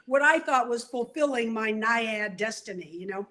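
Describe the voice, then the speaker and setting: An older woman from New York, telling her story as an interview guest in a lively, vivid way. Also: a little high, moderate pace.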